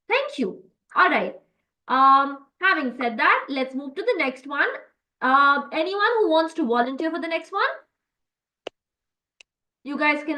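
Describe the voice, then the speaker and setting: A woman's voice: high voice, bright, forceful tone, rough recording. A woman teaching French in an online class, explaining step by step with many fillers and lots of encouragement.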